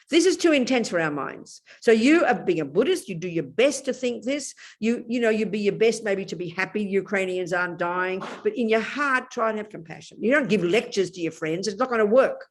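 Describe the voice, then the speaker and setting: A woman's voice: medium pitch, lively intonation, fairly quick, few pauses. A woman, a Buddhist nun, giving an emphatic Dharma teaching over a video call and calling her listeners darling.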